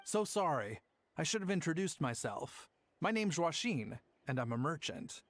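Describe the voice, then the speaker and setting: A man's voice: fairly high pitch, big pitch swings, normal speed, a little hiss or hum. A man voicing a polite middle-aged merchant in a game, speaking courteously and apologetically.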